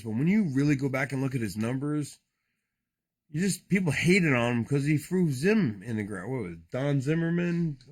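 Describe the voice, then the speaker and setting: Excitable profane man with a lively voice. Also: mid-range voice, husky. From New Jersey. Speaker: card-breaking streamer. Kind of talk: casual live card-opening chat.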